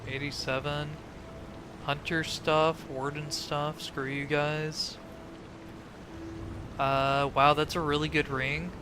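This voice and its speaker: A man's voice: fairly high pitch, level tone, slow, long pauses, noisy background. A man playing a fantasy online game, joking and reading quest text aloud. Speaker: gamer. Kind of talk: casual game commentary.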